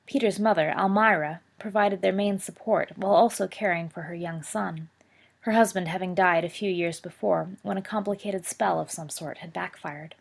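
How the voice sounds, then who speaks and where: A woman reading a story aloud in steady storytelling, with small slips. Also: lowish voice, normal speed, gravelly, slightly rough. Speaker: reader. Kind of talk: reading fan fiction aloud.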